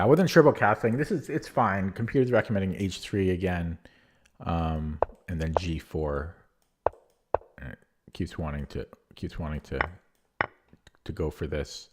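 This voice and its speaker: A man's low voice comes through against background noise as he narrates his own online chess matches in an offhand way. Restarting often and filling gaps as he thinks, the streamer sounds tired, his voice fading.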